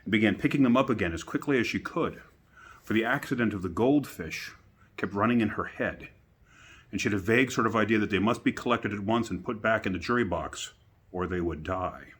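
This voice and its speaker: Male storyteller, low voice, relaxed bedtime reading with chatty asides, recorded outdoors. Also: brisk.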